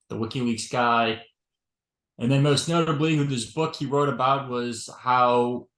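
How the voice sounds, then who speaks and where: A man's voice: mid-range voice, vocal fry, a bit bright. A man co-hosting a podcast in casual chat, rambling through his points with many fillers. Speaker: podcast co-host. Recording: roomy echo.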